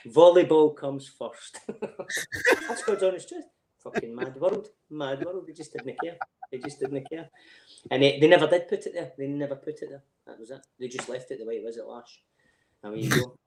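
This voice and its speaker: A man's voice: medium pitch, expressive, moderate pace, a little mellow, reverberant, slight background noise. A middle-aged Scottish man telling stories in casual chat, swearing freely and laughing through them. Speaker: podcast guest.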